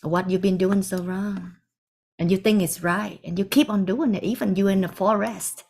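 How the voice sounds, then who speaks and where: Soft-spoken woman telling a spiritual story. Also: mid-range voice, steady tone, normal speed, gravelly. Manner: soft-spoken, meandering, with hushed asides. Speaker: spiritual teacher.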